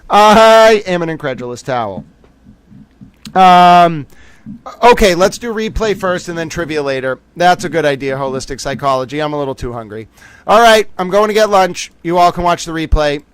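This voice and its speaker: A man with a fairly high voice, recorded dry, hosts a livestream of a trial. He chats casually with his viewers, rambling along with jokes and self-mockery.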